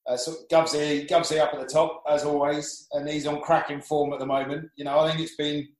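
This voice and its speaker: A man's voice: a little high, flat delivery, brisk, darkish tone, reverberant, poor audio. A man, a professional sailor, telling rambling anecdotes in casual chat, with frequent restarts.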